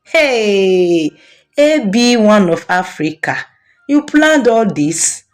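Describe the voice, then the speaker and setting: A woman's voice: medium pitch, big pitch swings, takes it slowly, pitched above the performer's own voice. A woman voicing a cheerful, trusting young woman who adores her best friend. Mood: delighted. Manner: bright, gushing and trusting.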